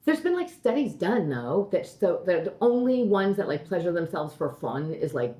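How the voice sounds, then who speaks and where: Blunt, low-voiced woman with a lively delivery. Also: normal speed, reverberant. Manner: blunt, rambling, heavy use of "like". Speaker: podcast co-host, comedian. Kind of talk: casual chat.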